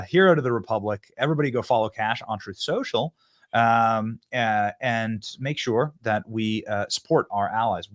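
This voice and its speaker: Animated sarcastic male show host. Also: mid-range voice, no echo, clean studio sound. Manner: mocking, sarcastic, animated delivery. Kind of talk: political commentary show.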